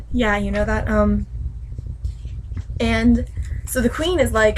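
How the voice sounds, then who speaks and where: A woman's voice: fairly high pitch, steady tone, slow, pauses often, slight background noise, poor audio. A young woman at home, ranting and gushing as she recaps a book chapter in a casual vlog.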